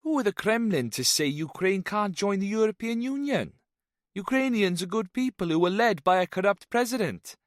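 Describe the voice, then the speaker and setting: Casting: a man playing a boozy fifty-something Welshman, high and lilting, in a dry booth. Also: expressive, dry recording. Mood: ranting. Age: 50s. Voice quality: lilting, slow after drinks. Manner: hearty, chatty.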